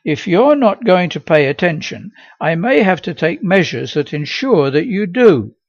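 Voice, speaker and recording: A woman's voice: lowish voice, sing-song, unhurried, darkish tone, dry recording, muffled recording, voice pushed up, heavily acted. A man reading aloud and voicing a stern, sarcastic woman schoolteacher who scolds a daydreaming pupil. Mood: sarcastic scolding. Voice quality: sarcastic, crisp and commanding. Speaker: teacher.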